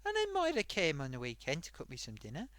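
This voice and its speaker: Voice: fast, dry recording. A performer voicing a chatty old grandmother sock puppet who hosts a live stream and tells a rambling story. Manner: rambling, animated, wild pitch swings.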